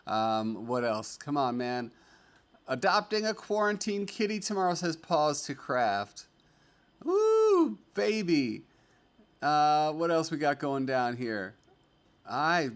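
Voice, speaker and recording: A middle-aged man hosting a casual livestream, chatting and reading viewer comments aloud in an upbeat, rambling way with lots of fillers. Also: on the high side. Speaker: livestream host.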